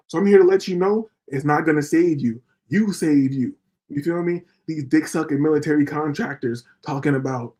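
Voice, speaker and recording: A livestream host with a slightly high, slightly quick, somewhat mellow male voice goes on a heated, profane rant, firing off one rhetorical question after another.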